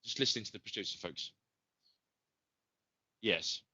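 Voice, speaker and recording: Man, stream host, very bright tense tone, dry close sound, dull lo-fi audio, chatty with lots of "uh". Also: fairly low pitch, moderate pace, dry recording. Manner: chatty, filler-heavy, greets viewers by name. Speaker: psychic medium and show host. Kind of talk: live-stream chat to viewers.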